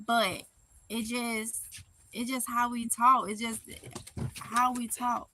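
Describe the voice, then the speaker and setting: Middle-aged woman, Mississippi accent, bright voice, relaxed live chat host, faint outdoor noise behind. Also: on the high side, takes it slowly, rough recording. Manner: chatty and playful, laughing often, heavy Southern dialect. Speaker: livestream host reading chat comments.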